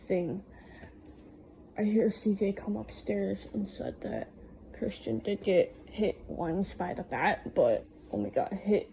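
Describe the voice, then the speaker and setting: A woman's voice: medium pitch, gravelly, dark tone, slight background noise, poor audio. A young woman casually recounting a night from her own life, blunt and swearing freely. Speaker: storyteller. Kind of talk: casual first-person storytelling.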